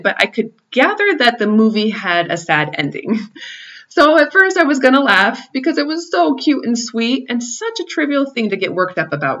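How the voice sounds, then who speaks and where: A woman in her thirties telling a personal story about her children in an earnest, reflective way, with soft laughs at herself. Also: medium pitch. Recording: slightly dull lo-fi recording.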